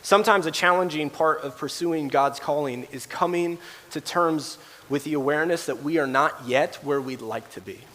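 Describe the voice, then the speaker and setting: A man preaches a sermon in a high, lively voice, animated as he acts out quoted voices. The sound carries a long reverb trail from a large church hall. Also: moderate pace. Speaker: pastor.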